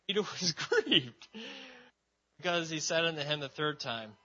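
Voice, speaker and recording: A man's voice: fairly high pitch, expressive, unhurried, sharp tone. A man preaching a casual sermon in a loose, chatty way, full of "like" and "you know". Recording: dull lo-fi sound.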